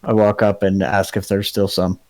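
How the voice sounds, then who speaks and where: A man's voice: low-pitched, little pitch movement, moderate pace, darkish tone. A man playing a tabletop game, describing his character's actions in a meandering way full of fillers. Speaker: player.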